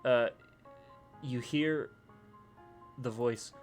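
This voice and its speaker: A man's voice: medium pitch, lively intonation, unhurried, long pauses, music in the background. A man narrating a tabletop game as dungeon master, with many fillers and restarts. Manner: filler-heavy, laughing narration.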